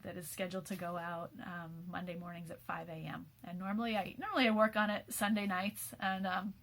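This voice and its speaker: A woman's voice: on the low side, steady tone, fairly quick, creaky, a bit bright. Tired woman in her 40s rambling candidly, lots of ums and restarts, laughs here and there. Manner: laughs often mid-sentence. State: tired after an all-nighter. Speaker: program host. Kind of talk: personal video message.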